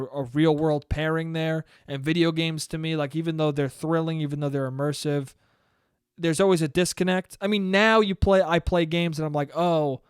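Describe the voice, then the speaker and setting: High, smooth-voiced rambling young man. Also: no echo, studio quality. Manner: rambling, profane, jokey, with many restarts. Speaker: podcast host. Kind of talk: solo podcast monologue.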